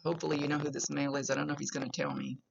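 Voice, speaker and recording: Woman medium chatting through a reading, gravelly fry, kinda muffled lo-fi sound. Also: deep voice, level tone, rapid-fire, background noise. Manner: chatty, rambling, stops and restarts. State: coughing, smoker's cough. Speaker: psychic medium. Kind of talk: casual spoken reading to a client. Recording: dull lo-fi recording.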